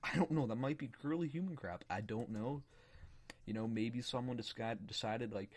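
A man giving loose, rambling let's-play commentary on a point-and-click game, often laughing and getting excited. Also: mid-range voice, moderate pace. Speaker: gaming YouTuber.

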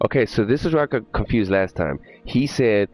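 A man's voice: fairly low pitch, expressive, brisk, a little mellow. A man livestreaming a horror game, chatting loosely with viewers, swearing and sounding jittery. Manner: loose, profane, jittery, talks to chat. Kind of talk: casual live gameplay chat.

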